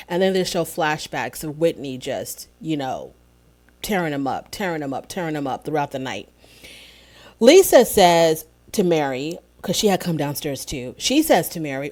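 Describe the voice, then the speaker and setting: Chatty woman recapping with a low voice. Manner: chatty, opinionated storytelling with quoted asides. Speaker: reality TV recap podcaster. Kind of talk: casual episode recap.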